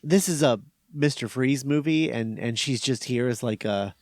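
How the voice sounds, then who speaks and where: A man's voice: medium pitch, normal speed, a little mellow, no echo. Man, podcast guest, casual chat, hesitant, restarts often, dry close sound. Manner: hesitant, many restarts and fillers.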